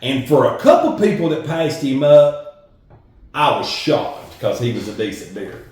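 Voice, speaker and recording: A man with a Southern Tennessee accent telling a hunting story in a folksy, animated way on a podcast. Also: medium pitch, a little slow, slight background noise. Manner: animated, folksy, acts out quoted voices. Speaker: podcast host. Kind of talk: casual storytelling. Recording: roomy echo, far from mic.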